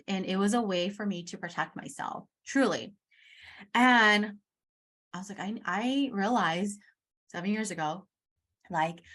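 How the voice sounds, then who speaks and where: A woman's voice: medium pitch, a bit bright. A young woman hosting a podcast, telling a personal story in a candid, emphatic, casual way, with the odd swear word. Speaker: podcast host.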